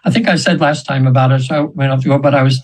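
Husky older man telling a long story. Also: fairly even intonation, racing, rough recording. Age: 70s. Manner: rambling, chatty, laughs as he tells it; puts on high voices for the people he quotes. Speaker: hypnosis practitioner guest. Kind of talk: storytelling in an interview.

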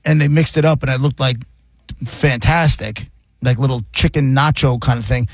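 A man hosting a radio show, chatting casually and telling stories in animated bursts. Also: mid-range voice, normal speed, no room sound.

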